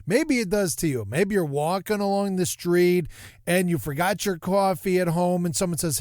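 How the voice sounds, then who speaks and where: A middle-aged man hosting a podcast, talking in a jokey, self-mocking, animated way. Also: high voice, normal speed, dry recording, studio quality. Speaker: podcast host. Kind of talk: casual comedic podcast monologue.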